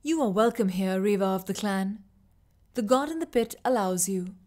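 A woman voicing a calm, veiled temple spirit with a smooth, melodic voice that is neither a man's nor a woman's, and a cool, formal manner. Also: medium pitch, moderate pace, close to an everyday voice.

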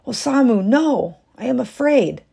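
A woman voicing a gentle, fearful crane who has become a wife, speaking in a soft, pleading way. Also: a little high, lively intonation, measured pace, creaky, husky, voice pushed up, exaggerated voice. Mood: frightened, pleading.

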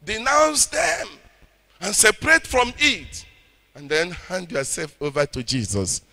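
Nigerian pastor guy preaching, high voice, goes from shouting to low and intense, keeps calling for amens. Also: huge pitch swings, a little slow. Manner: fervent, swings between loud shouting and low intense speech, calls for audience response. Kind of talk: sermon.

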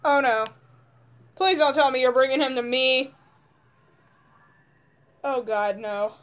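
A young woman commenting on her gameplay, panicking and yelling, her voice strained hoarse from screaming. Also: high-pitched, slow. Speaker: gamer.

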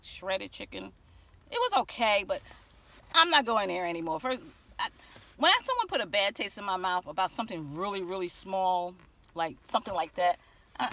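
A woman vlogging from her car, telling a story in an animated way and acting out the dialogue. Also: medium pitch. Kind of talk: car vlog rant. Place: inside a parked car.

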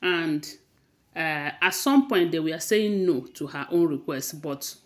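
A woman's voice: sits low, slow pace. A woman with a Nigerian accent casually retelling celebrity gossip, with frequent hesitations and restarts. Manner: hesitant, many fillers and restarts, conversational retelling.

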